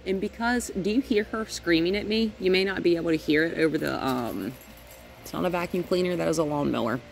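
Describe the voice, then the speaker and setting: A woman's voice: lowish voice, fairly quick, creaky, faint music behind. A woman dog trainer giving a casual, step-by-step demonstration at home, often checking in with "right?". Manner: chatty, explains step by step, often adds "right?". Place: at home and in the yard with her dogs.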